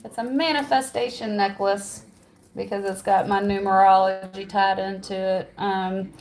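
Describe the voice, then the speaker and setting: Gravelly-voiced woman chatting on livestream. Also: medium pitch, little pitch movement, unhurried, darkish tone. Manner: chatty, laughs often, answers chat aloud. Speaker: livestream host. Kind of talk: casual chat reading viewer comments.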